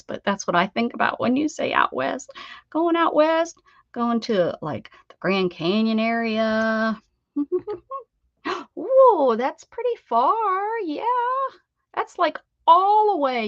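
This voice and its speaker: Chatting casually with her live viewers, a middle-aged American craft streamer rambles, restarts and laughs. Her voice sits a little high, and the lo-fi stream audio is dull and dry, without echo.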